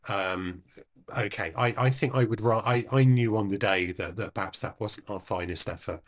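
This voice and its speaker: A man's voice: lowish voice, moderate pace. A man co-hosting a music podcast, talking in a rambling, hesitant way with many restarts. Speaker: podcast co-host. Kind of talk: casual podcast chat.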